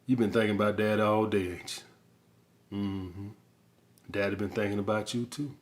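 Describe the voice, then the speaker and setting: A man putting on a low, hushed seductive murmur for his lover. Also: steady tone, normal speed, close to an everyday voice.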